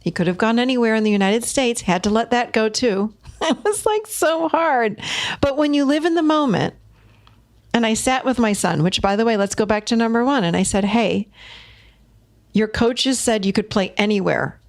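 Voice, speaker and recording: A middle-aged woman hosting a podcast, giving parenting advice in an animated, emphatic way, repeating phrases for effect and laughing as she talks. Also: fairly high pitch, moderate pace. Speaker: podcast host. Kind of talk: solo podcast talk, coaching advice.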